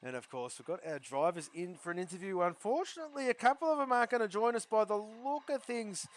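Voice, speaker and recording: A man's voice: high-pitched, animated, fast. A man hosting a sim racing league's post-race interviews, upbeat and chatty with friendly banter and repeated stock phrases. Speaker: league host interviewing drivers.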